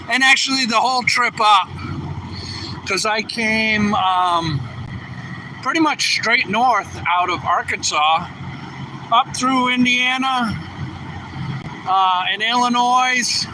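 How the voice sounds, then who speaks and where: A tired trucker livestreaming outdoors, chatting casually and reading viewer comments aloud. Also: male voice. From New England. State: a little tired. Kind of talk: casual live stream chat. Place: outdoors at a truck distribution center. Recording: distant phone mic with faint traffic noise. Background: trucks rumbling.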